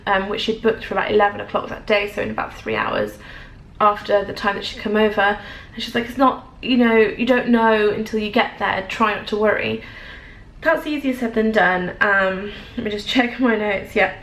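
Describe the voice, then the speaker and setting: Emotional English woman vlogger, gravelly voice. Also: mid-range voice, a little fast, fairly bright tone. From England. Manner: emotional, hesitant, lots of fillers and restarts. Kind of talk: personal storytelling to camera. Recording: echoey room, faint noise.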